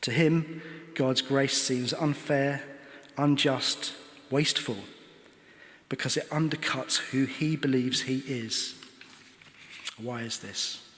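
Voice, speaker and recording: A man's voice: mid-range voice, fairly bright tone. A man preaching a sermon, retelling a parable earnestly and asking rhetorical questions. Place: church. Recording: church hall reverb.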